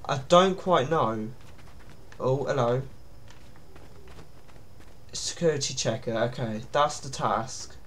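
A man's voice: medium pitch, takes it slowly, pauses often, a bit bright, slight background noise. A man giving nervous, jumpy commentary on a horror game, with sudden startled yelps. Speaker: gaming YouTuber.

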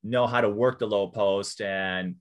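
A man's voice: on the low side, steady tone, unhurried. A man interviewing a young athlete for a sports show, teasing her playfully and laughing along. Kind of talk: casual interview.

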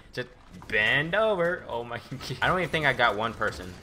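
Man, gaming commentary, excitable, boastful, sharp bright tone. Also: mid-range voice, fast, slight background noise. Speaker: gaming YouTuber. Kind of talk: live gameplay commentary.

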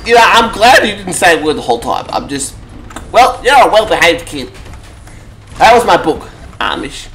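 Give me a loud, excitable man narrating gameplay. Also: sits high, moderate pace. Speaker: host. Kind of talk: gameplay commentary.

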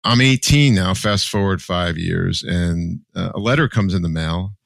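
A man's voice: low voice, a little slow, gravelly, no room sound. A man in his sixties from New Jersey, a podcast guest telling his life story candidly and with emotion. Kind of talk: personal storytelling.

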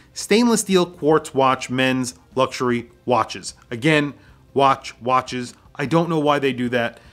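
A young man in a casual video review, poking dry fun at cheap watches. His voice sits in an ordinary middle pitch. He keeps the tone conversational and mildly sarcastic. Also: a bit bright. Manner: dry, mocking humor.

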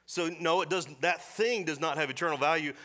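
A middle-aged man preaching a sermon in a church, folksy and storytelling, slipping into quick voiced asides. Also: on the high side, bright, forceful tone. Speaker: pastor. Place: church sanctuary.

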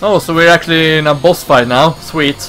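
A man's voice: a little high, brisk, a bit bright, soft background music. A man casually commenting on his gameplay in a chatty way, reading dialogue aloud in voices. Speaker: let's play host.

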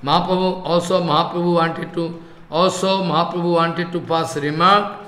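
A man giving a scripture class as a spiritual teacher. He talks haltingly, repeats himself, and chants verses slowly. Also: on the high side, fairly even intonation, a bit bright, roomy sound.

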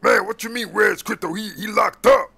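A gruff, blustering cop on the take, as a man voices him in a game role-play, with a deeply gravelly, husky voice. He is bright and forceful, pitched a touch high, and he stammers through slangy street talk. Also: fairly quick, heavily acted. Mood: scheming. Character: crooked male cop after a bribe, gruff and blustering. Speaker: police officer.

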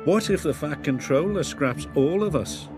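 A man's voice: a little high, lively intonation, normal speed, over music, pitched above the performer's own voice, close to an everyday voice. A man voicing a proud, eager little male tank engine from a children's cartoon, in a raised, indignant voice.

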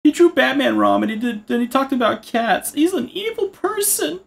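A man putting on a squeaky, mocking voice as a male viewer scolding the artist. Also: very animated, vocal fry, heavily acted. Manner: squeaky mocking whine, drawn-out words.

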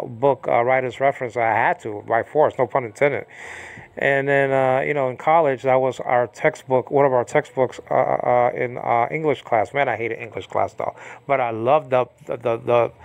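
A man's voice: medium pitch, dry recording. Rambling man teaching Greek Bible words. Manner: rambling, repeats questions to listener.

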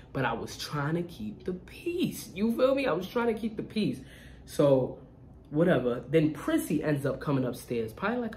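A young adult vlogger shares a casual storytime, animated and full of slang, frequently checking that listeners are keeping up. Her voice sits at a middle pitch, with a faint hiss under the recording.

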